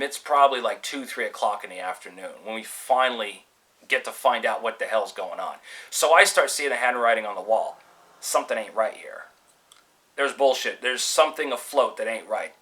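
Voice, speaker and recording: Man, bright forceful voice, casual storyteller, animated and profane. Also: medium pitch, normal speed, rough recording. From California, USA. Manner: animated, swears freely, acts out quoted voices.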